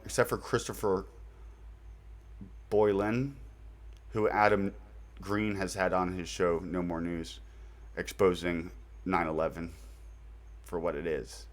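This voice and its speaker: A man hosting his own channel, talking through recommendations in a loose, rambling way with fillers and mild slang. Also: fairly low pitch. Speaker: channel host introducing his website. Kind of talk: casual unscripted monologue.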